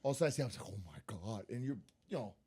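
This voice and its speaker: A man co-hosting a podcast, chatting casually, excitable and swearing freely. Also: medium pitch, rapid-fire, husky. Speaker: podcast co-host. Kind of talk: casual chat.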